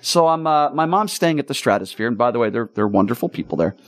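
Male radio host, mid pitch, lively storyteller, dry close mic. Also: fast talker, no room sound. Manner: animated, exasperated storyteller. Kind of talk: casual storytelling chat.

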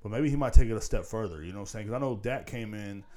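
A man's voice: lowish voice, very fast, warm tone. A man hosting a casual solo podcast, rambling and swearing constantly and repeating "you know what I'm saying" into a podcast microphone. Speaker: podcast host.

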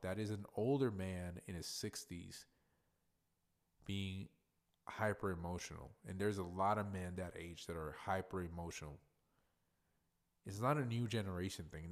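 Blunt, swearing man with a very deep voice. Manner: blunt, profane and conversational. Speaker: podcast host. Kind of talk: casual solo podcast monologue. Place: workplace in a hotel lobby.

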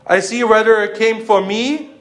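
A man with a strikingly high voice preaches a sermon, firing off repeated rhetorical questions and calling out listeners by name. He slips between English and another language mid-sentence. The room rings with echo, and a guitar plays faintly behind him. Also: normal speed.

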